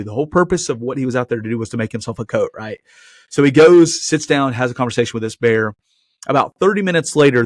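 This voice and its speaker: A man's voice: medium pitch, no echo. Male podcast host giving an earnest, chatty sermon; mid-range voice, dry close sound. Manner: earnest and conversational, often asking "right?". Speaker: podcast host and Christian teacher. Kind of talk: casual preaching monologue.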